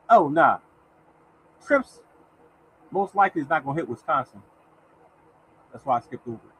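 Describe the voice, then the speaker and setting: A man with a high-sitting voice and lively intonation hosts a casual live lottery stream, chatting with viewers, greeting them by name, and reading out the winning numbers. He talks at a normal speed with long pauses and mutters softly to himself while searching. The audio is poor, with a little hiss or hum.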